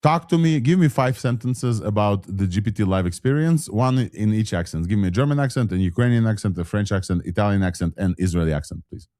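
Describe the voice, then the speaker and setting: A man with a low voice hosts a casual live tech stream. He talks in a loose, chatty way and gives spoken commands to a voice assistant. His voice sounds close and dry. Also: lively intonation, fast talker, hardly any pauses, warm tone, no room sound. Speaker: podcast host.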